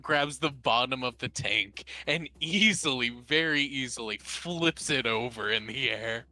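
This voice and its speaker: A man narrating a tabletop game as game master, halting and often restarting his sentences. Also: mid-range voice, bright, forceful tone.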